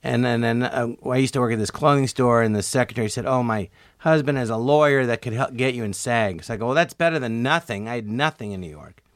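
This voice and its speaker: Animated older man telling stories. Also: mid-range voice, fast, no echo, studio quality. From United States. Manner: animated, acts out quotes in voices. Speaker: guest comedian. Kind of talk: casual storytelling.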